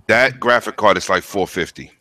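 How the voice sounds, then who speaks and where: A man's voice: lowish voice, pushed and bright, no echo. A man hosting a casual gaming podcast, emphatic and slangy, on a home mic. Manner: emphatic, slangy, quick interjections. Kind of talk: casual chat.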